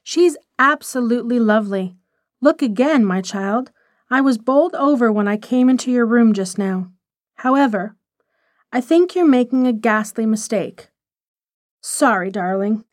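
A woman's voice: on the high side, moderate pace, darkish tone, dry recording, clean studio sound, close to an everyday voice. A woman voicing a polished, upper-class husband who speaks in a drawling, mildly teasing way. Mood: urbane.

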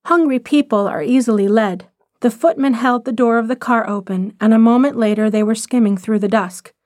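A woman reading a short story aloud in measured, expressive scripted narration. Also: fairly high pitch, no echo, clean studio sound.

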